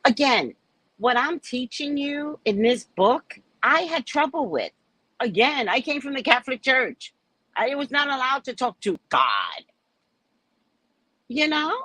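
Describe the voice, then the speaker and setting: A woman's voice: medium pitch, husky, poor audio. A woman reading a spiritual book aloud and breaking off into candid, laughing commentary. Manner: animated, laughing, candid asides. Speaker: spiritual reader and speaker.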